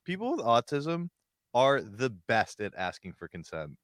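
A man's voice: medium pitch, sing-song, normal speed, dry recording, studio quality. A man co-hosting a podcast, telling blunt, crude stories in casual chat. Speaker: podcast co-host.

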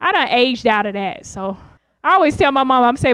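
A woman's voice: on the high side, normal speed, a bit bright, no room sound. A woman in her thirties doing wry, chatty stand-up storytelling. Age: 30s. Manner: wry, chatty, laughs between lines.

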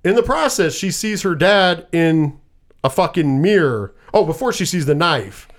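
A man with a slightly raised pitch talks through a movie plot in a loose, casual chat. He curses often and rambles, acting out the characters' lines as he goes. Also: big pitch swings, moderate pace. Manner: profane, rambling storyteller.

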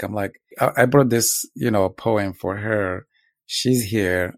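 A man's voice: fairly low pitch, takes it slowly, dry recording, studio quality. A man from Morocco, co-hosting a podcast in a reflective, hesitant way with many restarts. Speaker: podcast co-host. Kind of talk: casual conversation.

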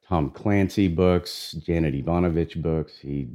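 A man who narrates audiobooks, with a deep, raspy voice, chatting in an easygoing, talkative way. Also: measured pace. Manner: relaxed, talkative, with restarts. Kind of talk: conversational interview.

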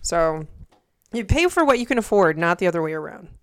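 A woman with a smooth, somewhat low voice co-hosts a casual podcast. She tells stories in an animated way, playing out what people said. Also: a little fast. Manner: animated storytelling, acts out quotes, swears freely. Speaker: podcast co-host. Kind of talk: casual chat.

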